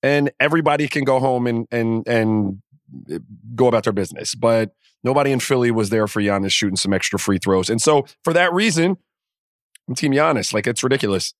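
A man's voice: medium pitch, brisk, no echo, clean studio sound. A man co-hosting a podcast who gives strong opinions in casual sports chat. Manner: opinionated, emphatic, with many restarts. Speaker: podcast co-host.

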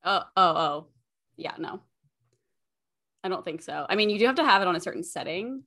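Bright upbeat young woman podcaster. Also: medium pitch, lively intonation. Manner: upbeat, quick ad read, laughs often. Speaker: podcast co-host. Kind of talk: casual chat over video call. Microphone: desktop mic on a video call.

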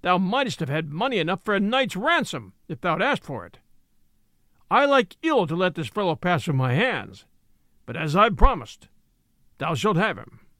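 A man's voice: high-pitched, big pitch swings, normal speed, sharp tone, dry recording, clean studio sound, heavily acted. A man doing a gloating, scheming sheriff. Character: scheming gloating male sheriff, middle-aged.

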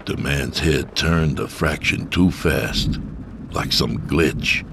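Very deep, gravelly male narrator. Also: takes it slowly, background noise. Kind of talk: scripted horror story narration.

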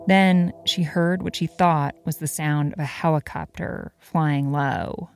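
A woman reading scripted podcast narration in a measured way. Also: sits low, steady tone, vocal fry, soft background music.

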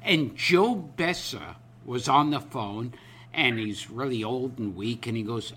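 A man hosting a talk show, telling a story in halting, stammering starts. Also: medium pitch, expressive, a bit bright. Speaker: host. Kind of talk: casual talk show chat.

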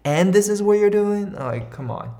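A woman's voice: medium pitch, lively intonation, moderate pace, mellow. A woman co-host reacting and commenting in casual, opinionated chat.

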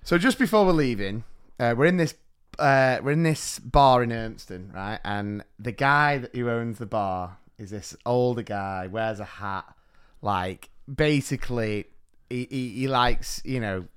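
A man who is a teacher co-hosts a podcast, swapping stories in a casual chat, laughing a lot and acting out quotes as an animated storyteller. His mid-range voice has a clean tone, and he talks a little slowly.

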